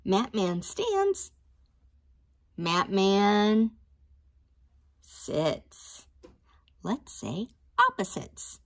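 A woman teacher reading a picture book aloud to young children, with a slow, expressive, sing-song storytime delivery. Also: medium pitch.

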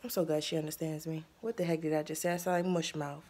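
A woman's voice: deep voice, flat delivery, fast, dark tone. A woman vlogging casually from her home kitchen, chatting to her pets and viewers as she cooks. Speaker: lifestyle vlogger. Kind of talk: casual chat.

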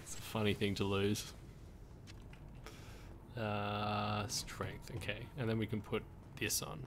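A man's voice: on the low side, monotone, takes it slowly, noisy background. A man chatting casually on a game stream, laid-back, chuckling often and swearing casually. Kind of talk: casual gaming stream chat.

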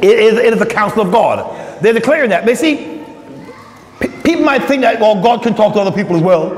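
A man preaching a relaxed Bible study in a church hall. His voice sits high and swings widely in pitch, and it rings with long reverb. He keeps teasing people in the pews by name. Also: fast talker, a little hiss or hum. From Australia. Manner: joking, teasing the congregation by name. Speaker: pastor. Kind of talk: conversational Bible study sermon.

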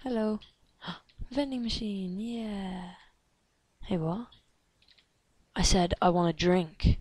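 A woman giving let's play commentary, excitable and gasping, chattering at game characters and dropping into hushed whispers. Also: mid-range voice, takes it slowly, pauses often, no room sound. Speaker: gamer.

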